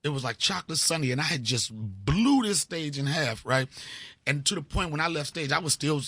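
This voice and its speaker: A man in his fifties from Washington, D.C., telling stories as a comedy guest in an animated, profane way. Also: a little high, fairly quick, breathy edge, no room sound. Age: 50s. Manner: animated, profane, acts out scenes. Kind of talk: casual storytelling interview.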